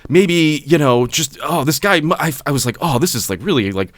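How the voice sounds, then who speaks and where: A man's voice: on the high side, sing-song, fairly quick, no echo. A man on a podcast telling a story in casual chat, acting out the people in it and laughing as he goes. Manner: acts out quoted voices, laughs while telling. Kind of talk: casual chat, animated anecdote.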